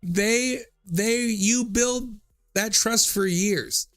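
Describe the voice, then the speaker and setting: A man's voice: high voice, drawn-out words, fairly bright tone, faint music behind. A man in his thirties, a streamer reading out viewer comments in a casual, jokey way, swearing freely and often laughing.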